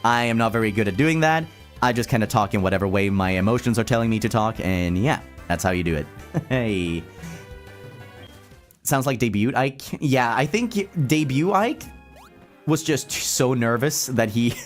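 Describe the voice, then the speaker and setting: Chatty male streamer with lively pitch. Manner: chatty, reading chat aloud, laughs often. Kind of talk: casual chat while gaming.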